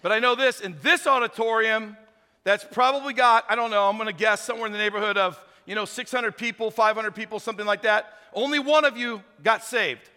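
A man preaches to a packed auditorium, quizzing and teasing the crowd. His voice sits high and bright. A long reverb from the big hall trails every phrase. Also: brisk, clean tone. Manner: animated, interactive, joking with the crowd. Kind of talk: sermon to a live auditorium. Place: large auditorium.

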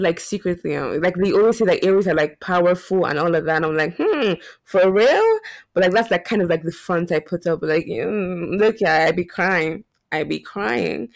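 A woman hosting a podcast in casual chat, relaxed and giggly as she asks questions. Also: lowish voice, creaky. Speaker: podcast host.

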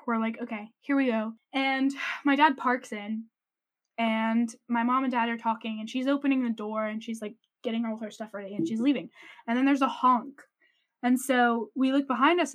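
A young woman co-hosting a podcast, telling a story in a casual, animated way with lots of "like" and laughter. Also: a little high. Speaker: podcast co-host.

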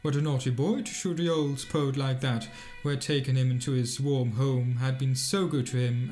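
A man narrating a fairy tale in a measured, expressive storybook reading. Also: mid-range voice, soft background music.

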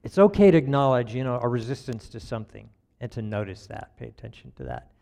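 A man speaking to a church congregation in an easygoing, folksy storytelling manner. His voice sits at an ordinary middle pitch. He chuckles at himself now and then as he talks. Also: very animated, fast talker, gravelly, mellow. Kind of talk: conversational storytelling sermon.

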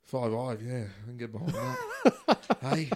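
A man's voice: medium pitch, moderate pace, slight background noise. A man co-hosting a casual comedy podcast, laughing often and joking in crude banter. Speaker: podcast co-host.

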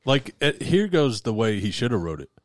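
A man's voice: mid-range voice, big pitch swings, normal speed, dry recording. A man co-hosting a casual podcast, cracking dry jokes between short agreements.

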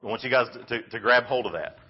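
A man giving a youth sermon, telling the story in an animated, casual way with lots of "like"s. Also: medium pitch, fast talker, slightly rough, highs cut off. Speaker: youth speaker.

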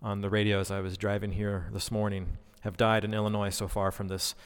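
A man's voice: fairly low pitch, level tone, brisk, smooth. A man in his thirties preaching a sermon, earnest and conversational, with frequent fillers and restarts. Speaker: pastor. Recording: long reverb, hall-like.

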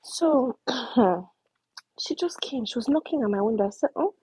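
Animated Nigerian woman telling a story. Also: fairly high pitch, a little slow, husky, low-quality recording. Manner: animated, switches into pidgin, acts out shouting. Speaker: storyteller in group chat. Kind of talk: casual storytelling.

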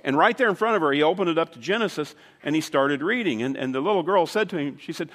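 A man's voice: fairly high pitch, expressive, quick pace, few pauses, a bit bright. A man preaching a sermon as pastor, telling a story in a conversational way with dramatic emphasis. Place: church sanctuary. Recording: long reverb of a large hall.

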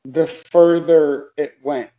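A man telling a story in casual chat, earnest and a little halting. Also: fairly high pitch, steady tone, dark tone, highs cut off.

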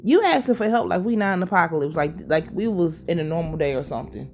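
A woman casually recapping a TV episode, animated and profane, laughing as she tells it. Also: lowish voice, fast talker, faint music behind. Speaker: show recap vlogger.

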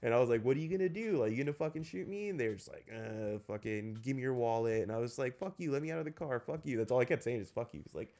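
A man's voice: medium pitch, rapid-fire, hardly any pauses, a little mellow. A young man from Los Angeles chatting casually, telling rambling, profane stories full of "like". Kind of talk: casual chat.

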